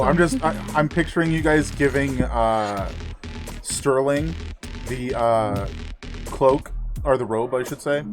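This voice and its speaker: A man running an online tabletop game as game master, relaxed and chuckling, with plenty of ums and uhs. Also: medium pitch. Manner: relaxed, laughing, filler-heavy.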